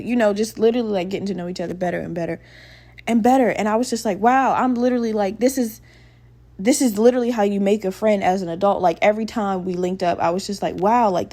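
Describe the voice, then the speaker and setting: A young woman hosting a podcast, telling a personal story in a candid, profane, animated way. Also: medium pitch. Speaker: podcast host. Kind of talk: casual storytelling monologue.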